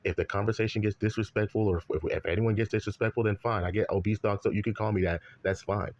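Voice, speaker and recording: A man's voice: on the low side, fairly even intonation, fast talker, darkish tone, muffled recording. A man, ranting heatedly in online commentary, cursing often and circling back to the same points. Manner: heated, profane, repetitive rant.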